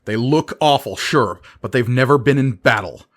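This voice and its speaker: A cocky young airship commander, sure of himself and ready for battle, read by a man in his own low voice. He gives orders with confidence, in a commanding tone. The storybook fantasy feel stays firm throughout. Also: animated, measured pace, fairly bright tone.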